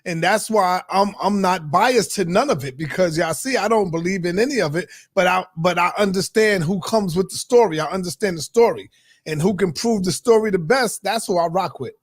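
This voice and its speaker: A man's voice: sits high, fairly quick, no room sound, clean studio sound. A man on an online panel, stating his skeptical position in a laid-back, direct way. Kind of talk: casual debate talk.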